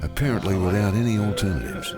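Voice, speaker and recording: A man's voice: fairly low pitch, quick pace. A man giving scripted narration for a promotional video. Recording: voice-over over loud music.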